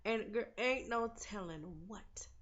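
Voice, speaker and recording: A woman's voice: on the high side, takes it slowly, a bit bright, muffled recording. A young woman casually recapping a TV episode, chatty and opinionated, talking to viewers like friends. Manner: chatty and opinionated, talks to viewers as "girl" and "y'all". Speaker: TV recap vlogger.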